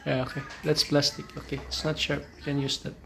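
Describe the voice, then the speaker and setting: A man, a father chatting gently with his daughter and chuckling often as he films. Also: fairly high pitch, level tone, brisk, gravelly, a crowd in the background. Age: 50s. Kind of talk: casual family chat.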